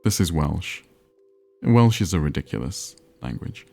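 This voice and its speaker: A man's voice: a bass voice, sing-song, a little slow, vocal fry, warm tone, soft background music. A man livestreaming, chatting casually and self-deprecatingly with his viewers as he plays a geography game. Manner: rambling, self-deprecating, answering chat messages.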